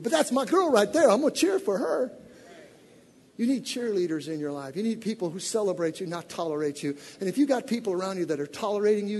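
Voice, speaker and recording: A middle-aged male pastor with a high, husky voice delivers a sermon that climbs to shouted exhortation and falls back to easy storytelling. His words ring out with a long reverb, as if spoken in a large church hall. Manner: swings from loud shouted exhortation to low conversational storytelling.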